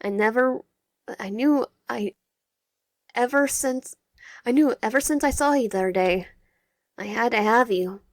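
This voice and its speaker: A woman's voice: a little high, measured pace, pauses often, dry recording, clean studio sound, close to an everyday voice. A woman reading as a possessive young yandere man. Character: obsessive young male yandere, softly possessive.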